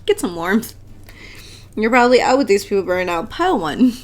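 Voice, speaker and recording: A woman's voice: medium pitch, very animated, brisk. A woman giving a casual tarot reading to her viewers, chatty and blunt, swearing freely and laughing often. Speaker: tarot reader.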